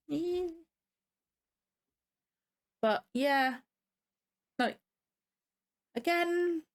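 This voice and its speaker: A woman hosting a casual reaction video, rambling and frank, openly annoyed about the episode she watched. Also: medium pitch. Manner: rambling and frank, many fillers and restarts. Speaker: reaction channel host.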